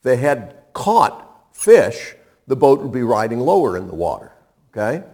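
A middle-aged man preaching a sermon in a conversational, humorous way, pausing for effect. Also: mid-range voice, big pitch swings, darkish tone, slightly rough. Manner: conversational and humorous, with dramatic pauses. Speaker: pastor.

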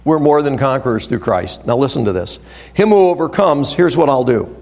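Speaking at a moderate pace with a creaky, animated voice, this pastor preaches to his congregation. Scripture is read aloud emphatically, and his delivery shifts between booming stressed lines and quiet, low asides.

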